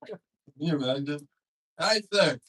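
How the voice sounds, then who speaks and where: Male comedy club MC, teasing crowd work, profane, slightly high voice. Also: animated, unhurried, fairly bright tone, slightly rough, poor audio. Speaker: comedy show host.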